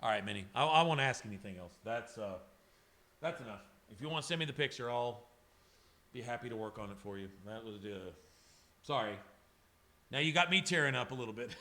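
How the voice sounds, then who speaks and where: This airbrush artist streams live from his home studio in a medium-pitched, bright, forceful voice, animated and a little fast but broken by long pauses. He talks to viewers casually and emotionally, rambling, cursing, and calling out chatters by name.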